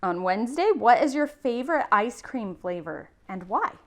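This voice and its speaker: A woman teacher giving a recorded class lesson, slowly sounding out spelling rules in a patient, encouraging way. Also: a little high, very animated, a bit bright. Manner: slow, patient, sounding out words.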